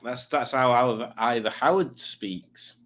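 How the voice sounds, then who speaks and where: A man's voice: medium pitch, lively intonation, a little slow, fairly bright tone. A man hosting a live stream, chatting casually and reading out viewer messages in silly voices. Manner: joking, reads chat messages aloud in silly voices. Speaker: livestream host.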